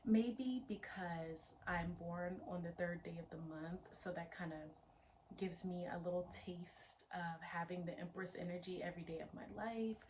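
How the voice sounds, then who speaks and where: A woman's voice: on the low side, normal speed, a little mellow, a little hiss or hum. A young adult woman hosting a spiritual tarot reading, speaking in a dreamy, emotional way that often drops into a whisper. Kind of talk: soft-spoken spiritual channel talk.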